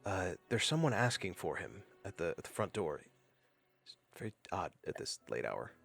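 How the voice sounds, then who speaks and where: A man's voice: low voice, big pitch swings, normal speed, creaky, a bit bright, breathy edge. A man narrating as game master, speaking loosely with fillers and restarts.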